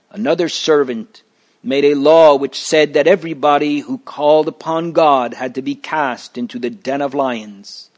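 A man's voice: a little high, pitched above the performer's own voice, lightly acted. A man voicing a stern, harsh male judge who raises his voice to denounce a prisoner in a storybook reading.

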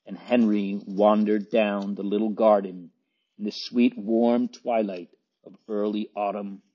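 Male audiobook narrator, low voice, very slow measured reading, dull lo-fi sound. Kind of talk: scripted narration. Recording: dull lo-fi recording.

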